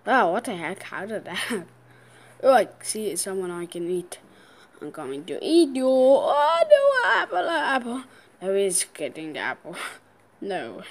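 A woman giving casual gameplay commentary, excitable, gasping and squealing at the game, with playful sing-song chanting. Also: mid-range voice, measured pace.

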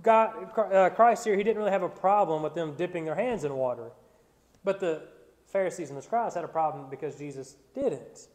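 Man preaching a Bible study, pitched high, earnest and emphatic, in a big echoing sanctuary. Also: lively intonation, a little mellow. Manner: reads scripture slowly, then preaches with rising emphasis; repeats words when restarting. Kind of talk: sermon. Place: church sanctuary. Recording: church sanctuary with long reverb.

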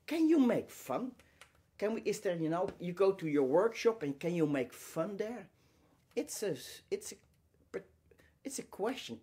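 A man giving an inspirational lecture, emphatic and full of rhetorical questions, speaking in short phrases with pauses and repeating key words. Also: high-pitched, mellow, slightly rough.

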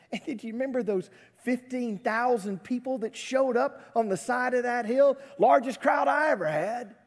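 A man's voice: extremely high pitch, extremely slow, pauses often, fairly bright tone, voice pushed up, full character voice. A man playing an exasperated teacher who scolds panicky followers with raised, incredulous rhetorical questions. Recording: church livestream with long hall reverb.

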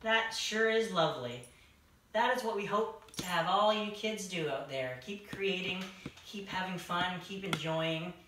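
A woman hosting a children's story time, reading a picture book aloud and then signing off cheerfully, expressive and animated. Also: fairly low pitch, measured pace. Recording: very echoey room, voice far from the mic, faint background hiss.

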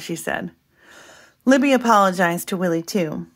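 Expressive woman reading a storybook aloud. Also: on the low side, normal speed. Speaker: storybook reader. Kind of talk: reading a picture book aloud.

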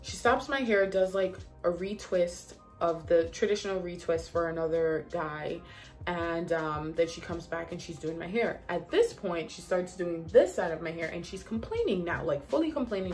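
A woman vlogger talking straight to her viewers in a relaxed, chatty way, her voice sitting a little low. She tells her story animatedly, sprinkling in "like" as she goes, with soft music faintly underneath. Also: normal speed. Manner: chatty, animated, heavy use of "like". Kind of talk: casual storytelling vlog.

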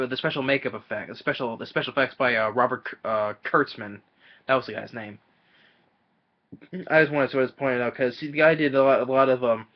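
A man giving a casual, rambling film review, halting often and restarting his sentences. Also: mid-range voice. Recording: dull lo-fi audio.

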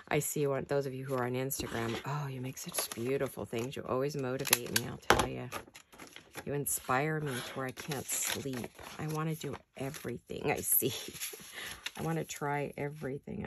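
A woman's voice: rumbling low, gravelly, slight background noise. A woman hosting a paper craft video, chatting casually to viewers and talking herself through each step in her early morning voice. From United States. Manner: chatty, self-talking while working, light laughs. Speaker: paper craft channel host. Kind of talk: casual crafting chat to camera.

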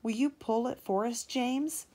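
A woman's voice: a little high, a little slow, dark tone, voice pushed up. A woman voicing a kindly man in charge of the railway in a children's storybook read-aloud, with a kind, encouraging manner.

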